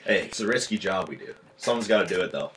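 A man's voice: low-pitched, animated, fast, fairly bright tone, a little hiss or hum. A man co-hosting a podcast, chiming in with playful remarks and easy laughter in casual chat. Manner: laughs easily, playful interjections. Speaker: podcast co-host.

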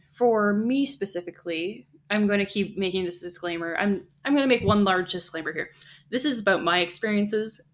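Chatty woman explaining writing craft. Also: mid-range voice. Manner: explanatory, chatty, with many restarts. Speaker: podcast co-host. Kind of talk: casual chat about writing.

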